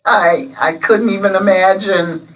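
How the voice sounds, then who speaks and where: A woman in her seventies, guest on an interview, telling stories warmly and emotionally with many pauses. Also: medium pitch, steady tone, recorded from a distance, low-quality recording. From Illinois, USA. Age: 70s. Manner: emotional, storytelling, many ums. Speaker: interview guest, local alderman. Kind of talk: casual interview chat.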